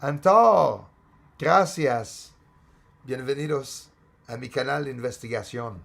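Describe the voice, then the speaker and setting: Gravelly-voiced man losing his voice. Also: medium pitch, a little slow, fairly bright tone. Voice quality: gravelly, hoarse voice. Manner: rambling, mixes in French and Spanish greetings. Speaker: livestream host reading chat. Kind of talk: casual live chat.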